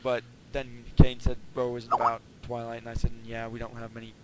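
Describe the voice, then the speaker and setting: A man co-hosts a casual podcast, laying out instructions for listeners and slipping in dry jokes. His voice is mid-pitched, and the recording carries loud background noise and clicks. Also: monotone, fairly quick. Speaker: podcast co-host.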